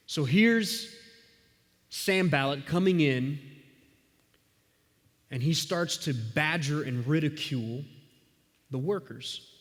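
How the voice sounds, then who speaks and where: Male pastor with a fairly high voice and a chatty, storytelling delivery, preaching in a church with long hall reverb. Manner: conversational, animated storytelling. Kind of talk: sermon.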